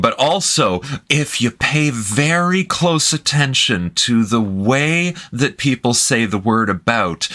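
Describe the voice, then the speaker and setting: A Canadian man with a Canadian accent, hosting a reaction video and calmly explaining things. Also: medium pitch. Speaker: host.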